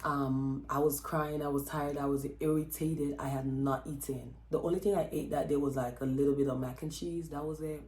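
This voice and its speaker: Low-voiced woman telling a story in an echoey room. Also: normal speed, hardly any pauses. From Texas. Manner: chatty and expressive, with many fillers and quoted dialogue. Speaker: vlogger. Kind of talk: casual storytelling vlog.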